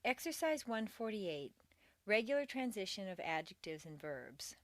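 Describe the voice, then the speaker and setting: Woman, pronunciation teacher, scripted audio lesson, slow careful drilling, lively intonation, dry recording. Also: medium pitch, no echo. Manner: slow, careful drilling with deliberate stress contrasts.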